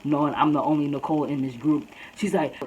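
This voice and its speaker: A woman's voice: sits low, steady tone, fast talker, a little mellow, lo-fi sound, slight background noise. A young woman vlogger telling a story in a casual, slangy way, often saying "bro.". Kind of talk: storytime vlog.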